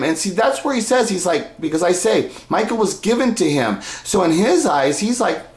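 A man's voice: sits high, expressive, moderate pace, hardly any pauses, reverberant. Rambling man reacting to clips. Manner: rambling, sighs and laughs, restarts. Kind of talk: casual reaction commentary.

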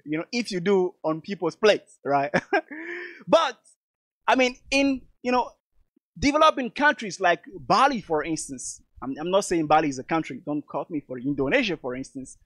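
A man's voice: high-pitched, sing-song, normal speed, a bit bright, dry recording. Emphatic motivational speaker, a man. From Togo. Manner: emphatic, repetitive, addresses audience as lovely people. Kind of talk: motivational speech.

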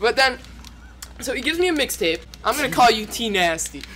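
A man's voice: very high voice, big pitch swings, a little fast, background noise. A teenage boy playing a video game with friends, joking and telling a goofy story. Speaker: player. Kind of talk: casual gaming banter.

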